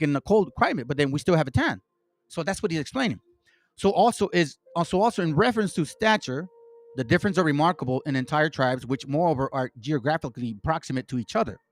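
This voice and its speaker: A man hosting an online commentary channel speaks in a high voice, recorded with no echo. Between reading passages aloud, he launches into a heated rant laced with profanity and repeated stumbling restarts.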